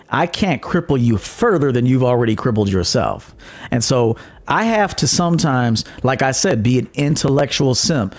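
This is a blunt, profane monologue from a man who hosts his own podcast as a dating coach. He pokes fun at others, imitates commenters in a high, mocking tone, and chuckles at his own jabs.

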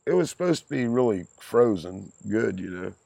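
This podcast guest, the host's father, is a man in his sixties whose voice sits on the low side, with a sing-song lilt, vocal fry and a warm tone at a moderate pace. He tells rambling anecdotes in a casual chat, laughing often and swearing freely, and the recording has no room sound.

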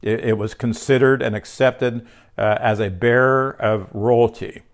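A man with a mid-range, steady voice teaches a spiritual lesson from a room in his home, keeping a measured pace. He sounds tired and talks conversationally, full of fillers, restarts and self-corrections.

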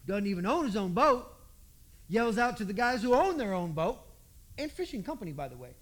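A male preacher tells a story in a relaxed, folksy sermon. He acts out the people in it with lively voices. His voice sits high for a man. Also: a little fast.

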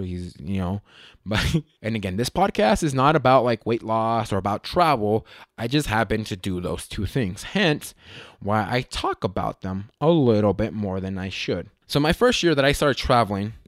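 A young man hosting a podcast, telling a comedic story in a casual way. He swears often, talks in an animated way and mocks himself. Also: on the low side, normal speed, no room sound, studio quality. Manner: profane, animated, self-mocking. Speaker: podcast host.

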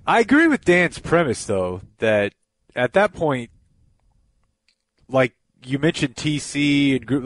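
A man's voice: medium pitch, no echo. A man co-hosting a radio show, needling a colleague with a laugh. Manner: teasing, needling, laughs while talking. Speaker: radio co-host. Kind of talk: casual radio banter.

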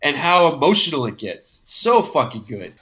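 Animated, bright-voiced storytelling man. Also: on the high side, moderate pace. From Modesto, California. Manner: animated, swears freely, acts out quotes. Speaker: guest, comedy creator. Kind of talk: casual storytelling chat.

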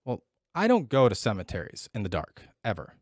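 A man's voice: on the low side, huge pitch swings, brisk, darkish tone, dry recording, clean studio sound. Profane, reflective middle-aged man. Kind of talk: casual chat.

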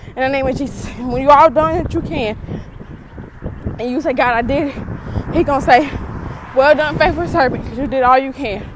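A woman's voice: sits high, background noise. A woman preaching and praying fervently in a casual, slangy way, out of breath from a workout. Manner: fervent, repetitive rebuking prayer, casual slang. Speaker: vlogger preaching to viewers. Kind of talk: informal preaching and prayer.

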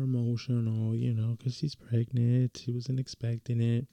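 Gravelly, dark-voiced young man telling a story. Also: mid-range voice, measured pace, few pauses, dry recording. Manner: relaxed and slangy, with lots of fillers and restarts. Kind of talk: casual storytelling.

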